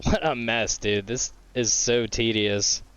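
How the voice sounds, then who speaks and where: A young man giving live gameplay commentary, excitable, swearing often and shouting at the game. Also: medium pitch, slow, highs cut off, a little hiss or hum. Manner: mocking sing-song voice when quoting the game. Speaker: gaming streamer.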